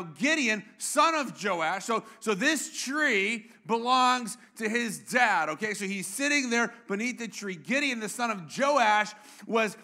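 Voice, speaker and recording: A pastor with an extremely high-pitched, sharp voice preaches to a congregation in church. He is playful and quizzes the room with questions.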